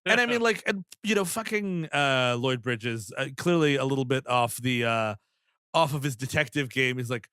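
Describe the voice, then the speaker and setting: A man's voice: medium pitch, animated, normal speed, bright, forceful tone, clean tone, no echo, clean studio sound. A man on a comedy podcast, recapping a film plot in a loose, rambling way full of fillers. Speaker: podcast panelist. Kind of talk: casual comedy chat.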